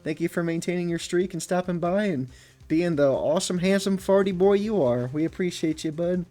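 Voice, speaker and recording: A man's voice: sits high, a little fast, dark tone, faint music behind. A man streaming a game live, joking and chatting casually with his viewers.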